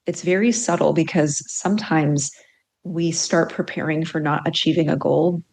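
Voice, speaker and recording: A woman's voice: low-pitched, normal speed, vocal fry. Middle-aged woman coach telling a story. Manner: animated storytelling with acted-out quotes. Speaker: career and executive coach. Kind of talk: podcast interview, telling a story.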